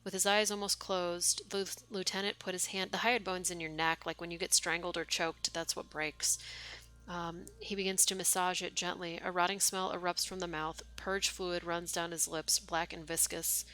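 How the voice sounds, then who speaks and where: A woman streamer at home reads a game's lines aloud in a deadpan voice and breaks off for wry, swearing asides. Her voice is bright and forceful, pitched a little low. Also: moderate pace. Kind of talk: reading game text aloud with casual commentary.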